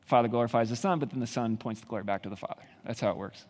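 A man's voice: mid-range voice, rapid-fire, a little mellow, long reverb tail. A man preaching a sermon, building intensity with rhetorical questions. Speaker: pastor.

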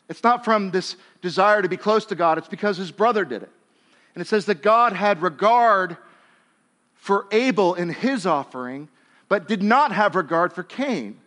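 A male pastor preaching a sermon in a conversational way, dropping to a hush and then rising to emphatic lines, and acting out biblical characters in casual speech. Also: high-pitched, lively intonation, normal speed. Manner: conversational, swings between hushed and emphatic.

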